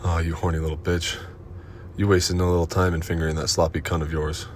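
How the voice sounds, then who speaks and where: A man performing an erotic audio role-play in a dominant, commanding and profane manner, with breathy moans between lines. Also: low voice, little pitch movement, moderate pace, slight background noise.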